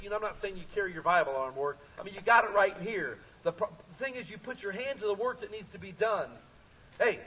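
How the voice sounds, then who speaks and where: Pastor guy preaching loud and lively, high bright voice, kinda husky, mic a ways off. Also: distant mic, rough recording. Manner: energetic, storytelling, rising to shouts. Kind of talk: sermon.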